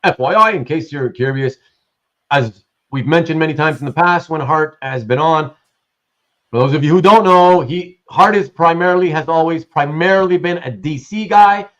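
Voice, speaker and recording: A man with a somewhat high, slightly bright voice talks at a normal speed while hosting a casual livestream. He chats, laughs often, and reads viewers' messages aloud. The stream audio is muffled and lo-fi.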